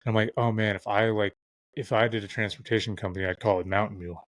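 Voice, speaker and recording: A man's voice: lowish voice, fairly even intonation, quick pace, dry recording. A man guesting on a podcast, telling stories in a loose, profane way with lots of fillers. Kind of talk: casual storytelling chat.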